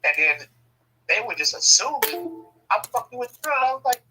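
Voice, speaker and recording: A man telling a family story casually, profane and animated, often laughing. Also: very high-pitched, normal speed, slight background noise, poor audio.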